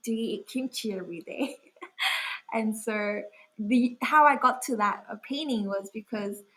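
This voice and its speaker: Breathy young woman, chatty. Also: a little high, a little slow, pushed and bright, low-quality recording. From Australia. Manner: chatty, full of "like" fillers and laughs. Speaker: guest artist. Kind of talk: casual interview chat.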